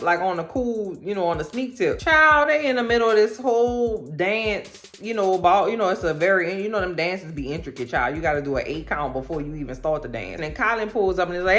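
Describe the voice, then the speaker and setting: A woman recaps a show in a loose, slangy chat. She acts out the characters' lines as she goes, and her voice sits a little low. Faint music plays underneath. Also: a little fast, few pauses. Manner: animated, slangy storytelling with acted-out quotes. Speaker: recap vlogger.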